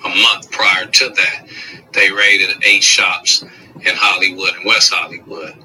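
A man's voice: fairly low pitch, bright, forceful tone, far from the mic, slight background noise, low-quality recording. A man who owns cannabis shops, speaking firmly in a documentary interview. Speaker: cannabis business owner.

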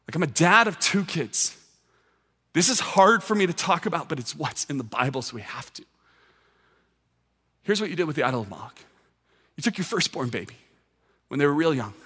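A man's voice: high voice, pushed and bright, long reverb tail. A man in his thirties preaching a sermon with emphatic, building repetition. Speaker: pastor.

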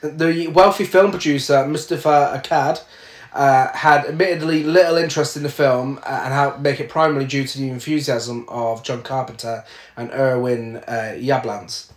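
A man's voice: medium pitch, fairly even intonation, normal speed, echoey room. A man co-hosting a casual chat, reading film trivia aloud with frequent "uh"s and laughs. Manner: reads facts aloud with frequent uhs and laughs.

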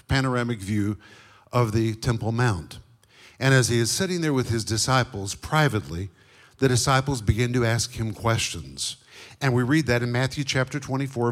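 Middle-aged male preacher, mid-range voice, emphatic, drawn-out stresses on key words. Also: medium pitch. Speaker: guest Bible teacher. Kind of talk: sermon.

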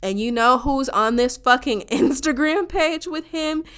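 A woman telling a personal story to her viewers in a casual, animated, profane way, often saying y'all. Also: high-pitched, unhurried, clear, resonant tone.

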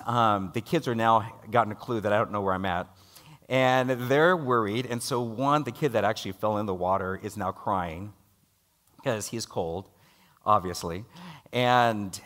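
A middle-aged man preaching a sermon and telling a personal story, rising loud for dialogue and dropping low and quiet for worry.

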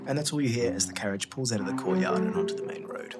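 A man narrating as game master of a tabletop game, relaxed with many filler pauses. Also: medium pitch, noisy background.

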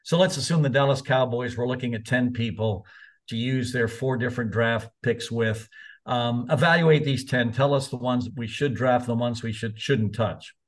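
A man's voice: mid-range voice, normal speed. Chatty man in his seventies, telling stories. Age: 70s. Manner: chatty, candid, mildly profane. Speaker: college soccer coach. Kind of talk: casual anecdotal storytelling.

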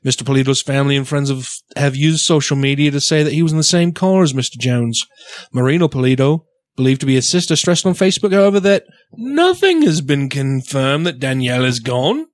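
A man's voice: mid-range voice, lively intonation, a little fast, dry recording, studio quality, lightly acted. A man putting on a stiff British newsreader. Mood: formal. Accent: put-on British. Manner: stiff formal news reading with stumbles. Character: adult male British newsreader.

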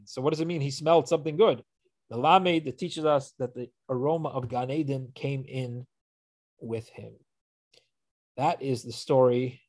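A man teaching a fast-paced scripture class, retelling the verses and acting out the dialogue. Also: mid-range voice, darkish tone. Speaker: Torah teacher.

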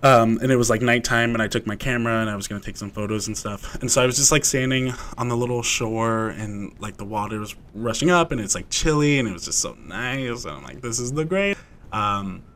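Casting: young male podcast co-host, chatty rambler, mid-pitched, relaxed storyteller. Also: a little fast. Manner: rambling storyteller, many fillers and laughs. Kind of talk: casual chat.

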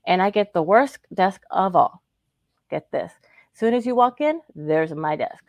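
Low-voiced woman telling a candid story. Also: measured pace, dry recording. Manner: chatty and animated, acting out what others said. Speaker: co-host.

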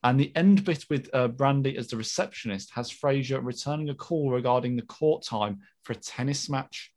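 A man co-hosting a podcast, reading listener mail in lively, casual chat. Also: mid-range voice, normal speed. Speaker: podcast co-host.

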